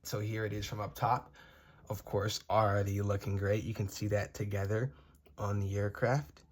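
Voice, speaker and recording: A man's voice: fairly low pitch, little pitch movement, moderate pace. Gushing young man unboxing model planes. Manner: enthusiastic, gushing, rambling. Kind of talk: casual unboxing commentary. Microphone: phone.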